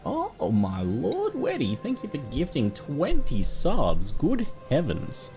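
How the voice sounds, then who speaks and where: A man's voice: a little high, wildly swooping pitch, takes it slowly, music in the background. A man casually chatting on a live stream, laughing often and thanking viewers by name. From Australia. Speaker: game streamer.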